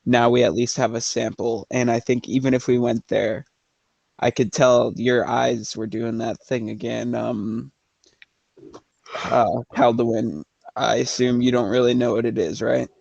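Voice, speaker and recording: A man voicing a polite male adventurer in a tabletop game, halting with fillers. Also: medium pitch, level tone, vocal fry, darkish tone, no room sound, muffled recording. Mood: earnest. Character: male adventurer posing as a meteorologist. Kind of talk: tabletop role-play.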